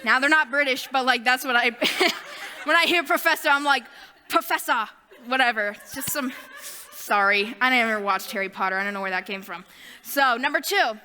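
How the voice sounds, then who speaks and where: A young woman delivering a youth sermon in a high, bright voice. She drifts into chatty, self-deprecating asides. Her words echo with a long reverb, as in a large hall. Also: normal speed, slight background noise. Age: young adult. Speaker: youth ministry speaker.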